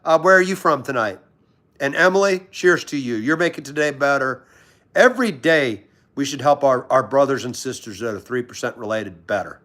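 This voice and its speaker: A man's voice: medium pitch, animated, normal speed, fairly bright tone. A man from Washington, D.C., hosting a casual livestream, chatting in a friendly, rambling way and greeting viewers by name. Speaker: livestream host. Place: at home in pajamas.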